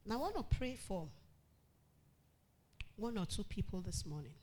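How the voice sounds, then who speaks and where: A woman pastor preaching a sermon to a congregation, animated, acting out quotes and calling out loudly. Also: mid-range voice, normal speed.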